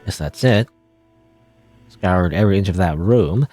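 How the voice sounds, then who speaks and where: A man's voice: low voice, animated, unhurried, mellow, soft background music. A man giving casual gameplay commentary, rambling and chuckling as he thinks aloud. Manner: rambling, chuckling, self-interrupting. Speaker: let's play gamer.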